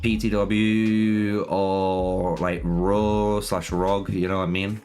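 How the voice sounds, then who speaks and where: A man's voice: low-pitched, little pitch movement, slow pace, a little mellow, faint music behind. A man streaming a game live, chatting casually with viewers, swearing a lot, laughing often and calling them bro. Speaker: gaming streamer.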